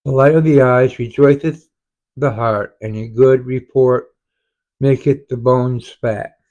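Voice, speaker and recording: A man leading an online Bible study, reading verses slowly and explaining them, often stumbling and restarting words. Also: mid-range voice, fairly even intonation, darkish tone, muffled recording. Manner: halting, frequent self-corrections and restarts. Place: home, online group study.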